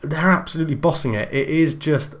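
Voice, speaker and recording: A man's voice: fairly high pitch, a little fast. A man hosting a gaming channel, chatting casually through a game with fillers and self-corrections.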